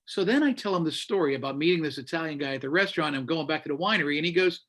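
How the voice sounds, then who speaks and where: Racing along in a slightly high voice, an American radio host in Florida recounts a story in casual conversation. He acts out quoted voices with lots of animation.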